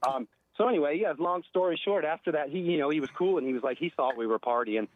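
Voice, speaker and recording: A man's voice: fairly high pitch, quick pace. Rambling male caller on a tinny phone line. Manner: rambling with many fillers and laughs. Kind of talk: casual phone-in storytelling.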